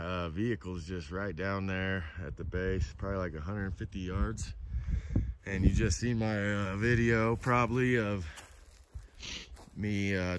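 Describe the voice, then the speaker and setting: A middle-aged man vlogging outdoors on a forested slope, talking into a handheld camera in a rambling, halting way full of fillers. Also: low-pitched, very noisy. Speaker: outdoor vlogger hunting moose antler sheds. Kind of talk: casual hiking vlog to camera.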